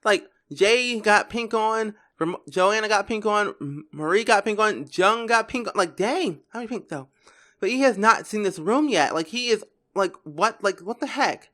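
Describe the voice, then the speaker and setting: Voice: medium pitch, expressive, normal speed, a bit bright. A gameplay commentator talking casually and rambling on, with lots of filler words and restarts.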